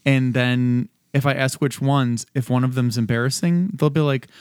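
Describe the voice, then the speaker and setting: A man's voice: mid-range voice, steady tone, moderate pace, darkish tone, smooth, no room sound, clean studio sound. A man in casual podcast chat, telling an anecdote in an easygoing, unbothered way.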